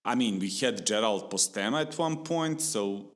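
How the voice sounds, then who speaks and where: A man co-hosting a podcast, chatting in a relaxed way. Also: on the low side, moderate pace, roomy sound. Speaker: co-host. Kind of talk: casual podcast chat.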